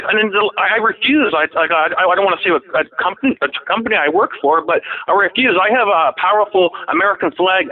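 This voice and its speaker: Guy doing a rambling fake trucker caller, stammers a lot, high and phone-thin. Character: Canadian man posing as proud American trucker. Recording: tinny phone line.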